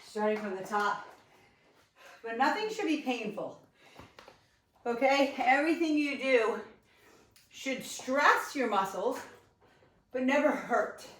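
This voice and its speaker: A woman's voice: on the high side, expressive, takes it slowly, long pauses, a bit bright. A woman fitness instructor coaching a live workout from her living room, out of breath and chatty, cueing with encouragement. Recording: echoey room, mic at a distance.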